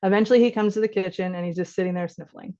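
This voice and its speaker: Woman doctor leading a relaxed caregiver workshop, chatty, mid-pitched voice, slightly muffled audio. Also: very fast. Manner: conversational, acts out dialogues. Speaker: physician giving a caregiver workshop. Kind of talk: informal workshop talk.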